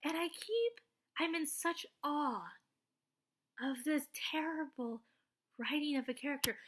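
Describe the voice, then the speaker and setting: A woman vlogger ranting casually about an anime, exasperated, swearing freely, and now and then bursting into shouts. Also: sits high, animated, unhurried, long pauses. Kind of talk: casual anime review rant.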